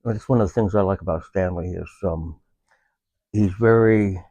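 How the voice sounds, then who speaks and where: A man speaking as a veteran guest in a casual conversation about his service dog, pausing often with fillers as he talks. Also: deep voice, warm tone, no echo. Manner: halting, unhurried, with many filler pauses.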